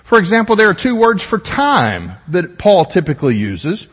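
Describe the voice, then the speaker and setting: A man preaching a teaching sermon with a high, husky voice that swoops up and down as he explains. His delivery is methodical, with easygoing asides. The sound carries a long reverb from a large church hall. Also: huge pitch swings, moderate pace, fairly bright tone. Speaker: pastor.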